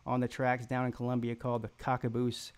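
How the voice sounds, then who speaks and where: A man's voice: medium pitch, monotone, a little fast, clean tone. A man with a Southern American accent hosting a sports live stream, reading viewer comments and answering with rambling, mocking trash talk full of fillers and restarts.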